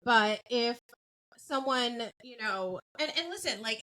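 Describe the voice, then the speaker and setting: A woman's voice: on the high side, expressive, slow pace, sharp tone, poor audio. A woman in her forties hosting a podcast, talking bluntly and animatedly and laughing often. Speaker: podcast host. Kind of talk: casual podcast chat.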